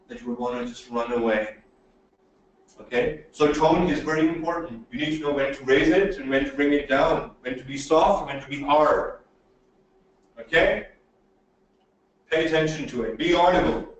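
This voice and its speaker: A man teaching presentation skills in a webinar, animated and emphatic, checking in with "okay?" often. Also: on the high side, moderate pace, long pauses. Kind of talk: webinar lecture. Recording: very echoey room audio from a distance, faint noise.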